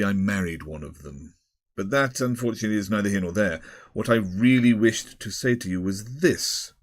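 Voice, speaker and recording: A man's voice: on the low side, no room sound, close to an everyday voice. A man voicing an elderly, fussy and snobbish male headmaster who talks in long, pompous, winding sentences with small hesitations. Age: older.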